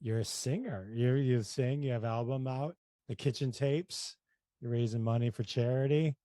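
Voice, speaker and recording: Male interview host, medium pitch, eager fan energy, dry close mic. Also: steady tone, normal speed, warm tone, no room sound. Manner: enthusiastic, laughs often. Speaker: podcast host. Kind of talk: interview chat.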